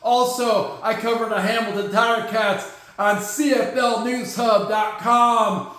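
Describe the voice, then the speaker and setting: Man, high voice, jokey sports podcast host, very roomy echo, goofy delivery. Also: fairly even intonation, a little slow. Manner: jokey and goofy, with shouted catchphrases. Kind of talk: casual solo sports podcast. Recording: very echoey room.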